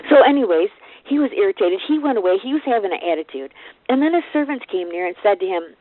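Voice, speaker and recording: A woman's voice: medium pitch, expressive, fast, no echo. A woman giving an informal devotional to a business team, retelling a Bible story in a casual, conversational way with offhand asides. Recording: tinny phone-like, dry sound.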